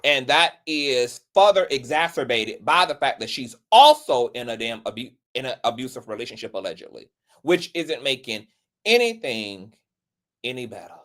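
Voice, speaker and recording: A man hosting a gossip commentary channel, speaking theatrically with mocking pity and dramatic pauses. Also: mid-range voice, sing-song, a bit bright.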